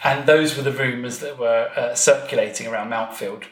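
A man's voice: mid-range voice, normal speed. A man guesting on a podcast, telling a family-history story in a chatty way, with frequent ums and wry asides. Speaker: guest author. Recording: roomy echo.

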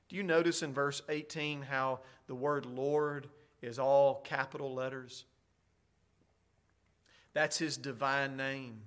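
A middle-aged male preacher delivering a sermon at an unhurried, deliberate pace. His voice sits a little high for a man, and he leans hard on key words, climbing to loud, ringing declarations before dropping back. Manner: slow, emphatic preaching that rises to loud declarations.

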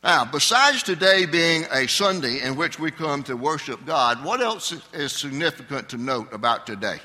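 Speaking at a normal pace, this older male pastor has a fairly high, expressive voice that sounds pushed and bright. He gives a conversational Sunday sermon, asking the congregation questions. The church sanctuary lends a long hall reverb.

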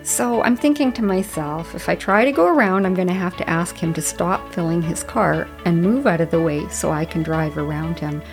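A woman in her late fifties hosting a podcast, telling a story in an earnest, chatty way and giving gentle advice. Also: fairly low pitch, normal speed, hardly any pauses, music in the background. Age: 50s. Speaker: podcast host. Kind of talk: reflective solo storytelling.

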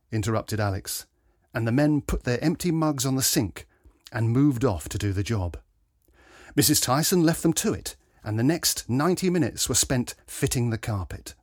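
A man narrating a story in a gentle, expressive storytelling manner. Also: medium pitch, moderate pace, no echo, clean studio sound. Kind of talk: storybook reading.

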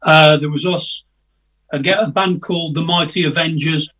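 An older man spins rambling, chatty anecdotes over a video call. his voice sits a touch high and comes out husky and slightly distant from the mic. he hesitates a lot and laughs along at his own stories. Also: fairly even intonation, moderate pace, a bit bright. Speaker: guest musician. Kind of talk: casual anecdotal storytelling.

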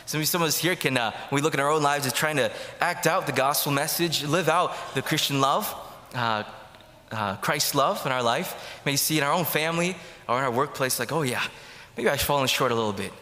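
A man's voice: fairly high pitch, a little fast, bright, forceful tone, reverberant, long reverb tail. A man giving a casual homily, rambling with many fillers and restarts, in a church. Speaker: preacher.

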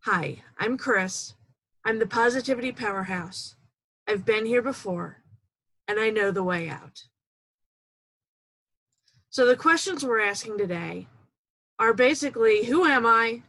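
A woman's voice: on the high side, expressive, a little slow, a bit bright, dry recording, poor audio. A woman hosting a motivational podcast, speaking in an upbeat, playful way close to the mic. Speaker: podcast host.

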